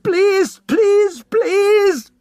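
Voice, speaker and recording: A man's voice: drawn-out words, no room sound, full character voice. A man doing a terrified, pleading young woman. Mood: screaming. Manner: high, desperate pleading.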